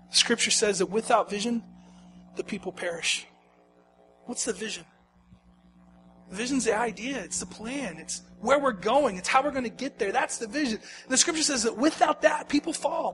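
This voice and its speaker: High, bright-voiced preacher. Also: male voice, fairly quick, a little hiss or hum. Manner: animated preaching, swings from shouting to near-whisper. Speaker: pastor. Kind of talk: sermon.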